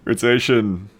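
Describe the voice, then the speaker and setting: A man's voice: mid-range voice, husky. A man live-streaming while he codes a game mod. He chats casually, reads viewer comments aloud, swears freely and pokes fun at himself. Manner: relaxed, self-mocking, swears casually, reads chat aloud.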